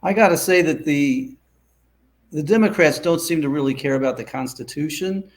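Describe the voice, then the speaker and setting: Measured man explaining views. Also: on the high side. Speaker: guest. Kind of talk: casual political chat.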